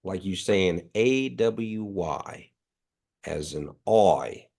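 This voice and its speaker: Man, deep voice, nasal from allergies; patient teacher repeating sounds slowly for the class on a video call. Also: expressive, creaky, a little mellow. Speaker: language teacher. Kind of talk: online language class.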